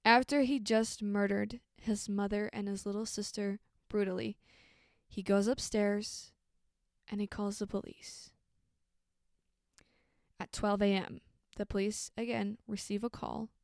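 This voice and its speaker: Woman podcast host, casual true crime storyteller, smooth clear voice, dry close sound, chatty with ums. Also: medium pitch, level tone, a little slow, long pauses, dry recording. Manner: conversational, with frequent ums and likes.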